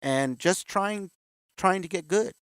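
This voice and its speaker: A man's voice: high-pitched, slow pace, fairly bright tone, smooth, no room sound. A man in his fifties, a guest in an interview, telling his story candidly and acting out the voices of the people he quotes. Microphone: video call.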